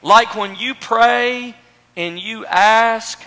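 A man's voice: very high voice, steady tone, a little slow, bright, forceful tone, low-quality recording. A man preaching a sermon, using earnest questions and repeated phrases for emphasis. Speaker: pastor.

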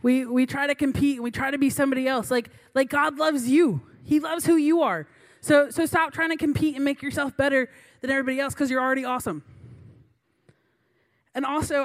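Young woman youth pastor preaching, chatty and storytelling, lots of "like" fillers. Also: high-pitched. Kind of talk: sermon.

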